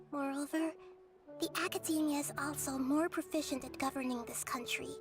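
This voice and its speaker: A woman voicing a gentle, young-sounding goddess of wisdom in a video game, speaking softly and thoughtfully. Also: sits high, lightly acted. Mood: wistful. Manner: soft, calm, thoughtful. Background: game music.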